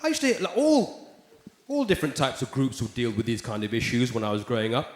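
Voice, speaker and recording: Medium-pitched and a little fast, this male stand-up comedian from England uses a London accent, cursing freely and playing hecklers with raised voices in an animated set. The echoey, large venue is noisy with the audience laughing.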